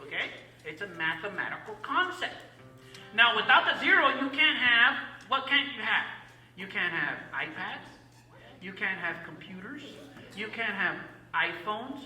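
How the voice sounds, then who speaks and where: Teacher, mid-pitched, emphatic lecture with call-and-response, roomy room, mic far off. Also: very animated, unhurried, bright, forceful tone, faint music behind. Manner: emphatic, repeats key words, asks the class questions. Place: classroom.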